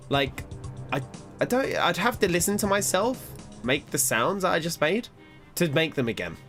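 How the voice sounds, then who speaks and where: A man's voice: fairly high pitch, a bit bright. A man streaming a game, talking casually with a rambling, self-deprecating manner and frequent laughs. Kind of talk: casual gaming commentary.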